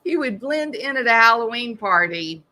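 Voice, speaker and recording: Woman, middle-aged, bright, wry, chatty, casual live-stream host. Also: on the high side, lively intonation, moderate pace. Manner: wry, chatty, laughs at her own jokes. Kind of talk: casual live-stream chat reading comments.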